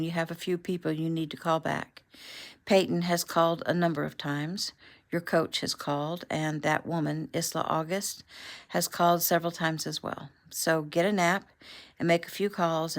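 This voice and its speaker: A woman reading as a gently reassuring father. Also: low voice, fairly even intonation, moderate pace. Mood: matter-of-fact. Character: calm, caring middle-aged father consoling his son.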